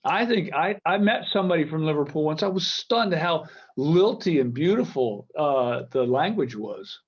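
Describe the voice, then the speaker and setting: A man's voice: a little high, animated, moderate pace, breathy edge. A man in his sixties from the United States, a guitar company founder guesting on a video-call interview, talking in a jokey, rambling way that keeps restarting. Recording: dull lo-fi video-call audio.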